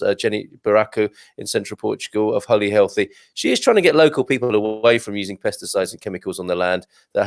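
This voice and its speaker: Male host, gravelly tone, dry close sound, casual and chatty, reads comments with off-the-cuff asides. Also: on the low side, no room sound. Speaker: show host reading viewer comments. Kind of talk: casual live-stream chat.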